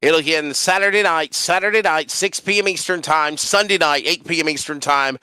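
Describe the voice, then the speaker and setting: A man, a sim racing broadcaster wrapping up a race in animated, sing-song chat. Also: fairly high pitch, normal speed, clean tone, no echo.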